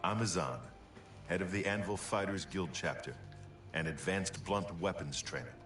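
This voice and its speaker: A man voicing a deep-voiced stern guild chief. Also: moderate pace, close to an everyday voice. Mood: businesslike. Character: stern male fighters guild chapter head. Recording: roomy, distant game audio with music.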